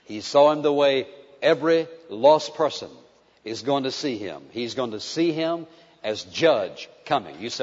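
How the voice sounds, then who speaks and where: A man preaching a sermon with passion, moving between emphatic declarations and hushed, tender passages. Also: mid-range voice, lively intonation, a little slow. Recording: dull lo-fi recording with long hall reverb.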